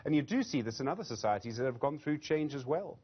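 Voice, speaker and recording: News anchor guy, thinking out loud, slightly muffled sound. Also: medium pitch, lively intonation, fast talker, slightly rough. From South Africa. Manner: reflective, hedging with "I mean". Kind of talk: studio news interview.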